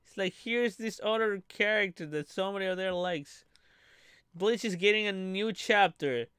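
A man live-streaming his reaction to a trailer, animated and profane, laughing often. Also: high voice, normal speed, clean tone, no echo, studio quality.

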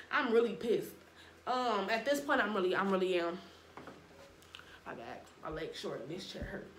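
A young woman telling a casual storytime with lots of slang, animated and acting out what people said. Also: medium pitch. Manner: animated, slangy, acts out quotes. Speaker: storytime vlogger. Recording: roomy echo, faint background noise.

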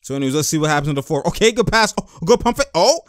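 A young man hosting casual game-watching commentary, animated and full of exclamations and laughter. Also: on the high side, rapid-fire, very noisy. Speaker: host.

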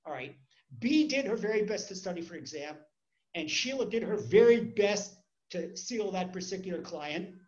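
A man's voice: high-pitched, lively intonation, normal speed, highs cut off. A man, a rabbi, teaching a Torah class in a conversational way, repeating words as he tells stories.

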